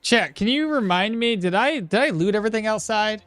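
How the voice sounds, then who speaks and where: A man's voice: high voice, expressive, fairly quick, fairly bright tone, no room sound, faint music behind. A young man streaming a game, chatting casually and answering viewers' questions as he plays. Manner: chatty, answering chat questions while playing. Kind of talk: casual live-stream commentary.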